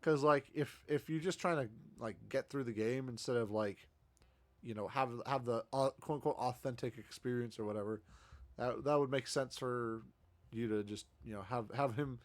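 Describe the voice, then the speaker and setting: Speaking at a normal speed in a medium-pitched voice, a man offers relaxed commentary while playing a game. He's talkative, self-deprecating, and quick to laugh.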